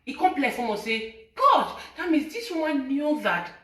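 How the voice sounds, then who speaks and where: A woman's voice: high-pitched, big pitch swings, moderate pace, a bit bright, reverberant, recorded from a distance. A woman with a Nigerian accent, mixing Pidgin and English as she tells viewers a painful personal story in an accusing, pleading way. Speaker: social media personality. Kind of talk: emotional personal confession to viewers.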